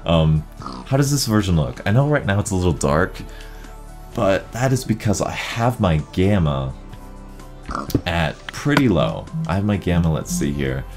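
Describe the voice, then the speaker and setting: A man hosting casual gameplay commentary, chatty and excitable, rambling as he plays. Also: low voice, moderate pace, faint music behind. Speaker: gaming channel host.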